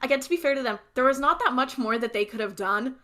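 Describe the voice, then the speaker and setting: A woman with a high, bright voice banters on a podcast. She is playful and sarcastic, delivering her opinions with emphatic, teasing conviction. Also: animated, quick pace. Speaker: podcast co-host. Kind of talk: casual banter.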